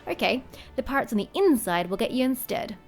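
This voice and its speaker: A woman reading aloud as a hearty middle-aged male tavern keeper, with only a brief try at a rough accent. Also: fairly high pitch, big pitch swings, fairly quick, a little mellow, soft background music. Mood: storytelling.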